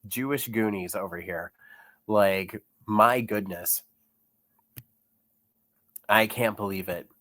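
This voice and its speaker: Speaking slowly in a lowish, fairly bright voice, this young adult YouTuber reads comments in a casual commentary vlog. He's sick with chest congestion, chuckles a lot, and rambles with many fillers. The recording is dry.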